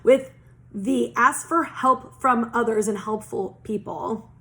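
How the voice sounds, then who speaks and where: A woman's voice: on the high side, slow pace, gravelly, a bit bright. A woman giving a casual oracle card reading, chatty and rambling, full of "like" fillers and casual swearing. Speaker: psychic oracle card reader.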